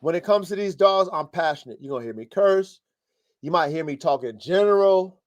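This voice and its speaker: A man's voice: a little high, lively intonation, fairly quick, lo-fi sound. A man hosting a live podcast, coaching dog breeders in a blunt, profane, fired-up way. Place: home studio, live stream.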